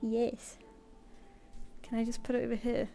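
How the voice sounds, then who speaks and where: A woman's voice: medium pitch, fairly even intonation, normal speed, a little mellow, faint music behind. A woman artist chatting casually on a live stream, rambling and self-deprecating, and talking to her pet between thoughts.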